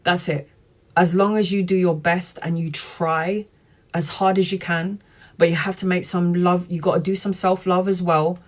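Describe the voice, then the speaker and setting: A woman tarot reader talking earnestly to viewers on a live stream, in a chatty, warm-hearted way. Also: fairly low pitch, level tone, normal speed. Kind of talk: live-stream spiritual talk.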